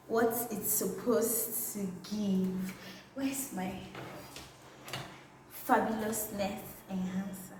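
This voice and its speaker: A young woman with a Nigerian accent, chatting playfully and excitedly in a casual vlog. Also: mid-range voice, slight background noise. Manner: playful and excitable, drawn-out catchphrases. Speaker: vlogger. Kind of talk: casual vlog showing items to camera. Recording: very echoey room, slightly distant mic.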